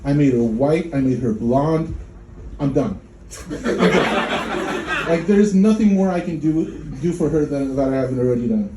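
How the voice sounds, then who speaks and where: A man from Poland in his thirties performing a stand-up comedy set at a club, deadpan and dark, slipping into mocking voices. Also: on the high side, normal speed, noisy background. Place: comedy club before a live audience. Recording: echoey room with crowd laughter.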